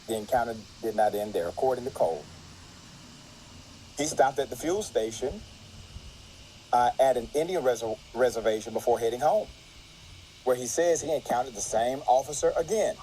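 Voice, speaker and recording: A man's voice: mid-range voice, animated, moderate pace, long pauses, mellow, slight background noise, poor audio. A man reading a news article aloud with legal commentary, marking every quotation by saying quote and end quote.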